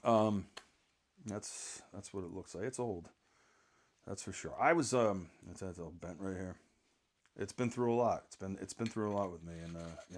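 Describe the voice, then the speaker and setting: A middle-aged man rambling casually through a photography gear vlog, joking at his own expense and often clearing his throat. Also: deep voice, moderate pace. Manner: rambling, self-mocking, frequent throat clearing. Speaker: sports photographer.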